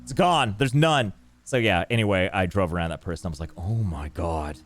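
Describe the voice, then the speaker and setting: A man's voice: on the low side, fast talker, faint music behind. A man streaming a game and chatting casually, telling ranting stories and answering chat. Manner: animated ranting storyteller, reads chat.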